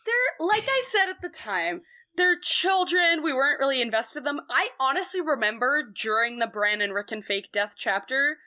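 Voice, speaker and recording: A woman co-hosting a podcast in casual chat, animated and laughing, with lots of "like". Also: sits high, normal speed. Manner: animated, laughs a lot, says like often. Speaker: podcast co-host.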